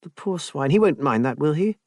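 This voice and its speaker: A man voicing a frank, spirited young woman in an audiobook, raising his pitch and speaking emphatically. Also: lively intonation, brisk, no echo, clean studio sound, natural voice. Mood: jubilant. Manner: raised pitch, brash and emphatic. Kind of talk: audiobook character voice.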